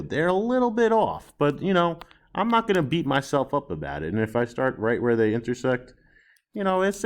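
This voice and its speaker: Guy teaching a drawing lesson, lowish voice, chatty and kinda self-deprecating as he sketches. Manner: chatty and self-deprecating, reacting aloud to his own drawing. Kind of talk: recorded drawing lesson, thinking aloud while sketching.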